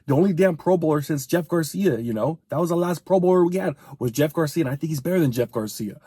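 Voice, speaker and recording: Man, sports fan rant, profane, heated, fairly high pitch, dry room. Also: lively intonation, dark tone, slightly rough, dry recording. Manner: profane, fired-up, rapid-fire venting.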